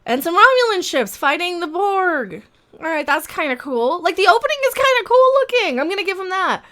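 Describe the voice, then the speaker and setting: A woman's voice: extremely high pitch, big pitch swings, a little fast, bright, forceful tone. A woman hosting a live reaction stream, giving sarcastic, ranting commentary and swearing often. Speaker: reaction video host.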